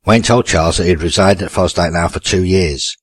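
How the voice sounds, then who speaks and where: Guy reading a novel, deep husky voice, dry close mic. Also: a little fast, no echo. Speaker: audiobook narrator. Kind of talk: scripted narration.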